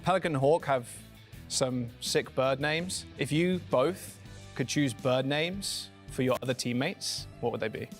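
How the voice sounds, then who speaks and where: Man, mid pitch, upbeat interviewer, playful questions. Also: measured pace, soft background music. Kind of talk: casual interview.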